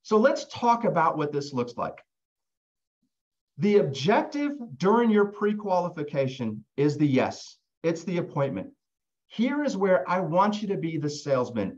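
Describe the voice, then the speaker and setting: A man's voice: a little high, very animated, unhurried. Male sales coach on a video call, casual delivery, keeps checking in with the group, slightly muffled audio. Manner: conversational, keeps asking "right?", repeats words when restarting. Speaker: real estate sales trainer. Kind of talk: live online coaching session.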